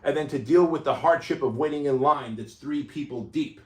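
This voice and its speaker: A man's voice: fairly high pitch, normal speed, darkish tone, distant mic. A man giving an emphatic, punchy motivational talk, driving his points home with repeated lists. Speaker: motivational speaker. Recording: roomy echo, faint noise.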